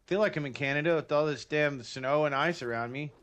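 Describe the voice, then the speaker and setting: A man's voice: a little high, brisk, a bit bright. A man from Texas streaming a survival game, joking with chat and muttering to himself as he plays. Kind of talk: casual gameplay chat with chat.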